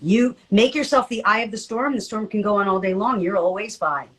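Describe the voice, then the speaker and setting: A middle-aged woman co-hosting a podcast in casual chat, animated and jokey, laughing often. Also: medium pitch, a little fast, breathy edge, low-quality recording. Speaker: podcast co-host.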